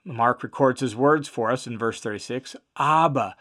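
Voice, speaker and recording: A man's voice: mid-range voice, normal speed, fairly bright tone. A man teaching a Bible passage verse by verse in a casual, conversational way, with fillers and restarts and stress on key words.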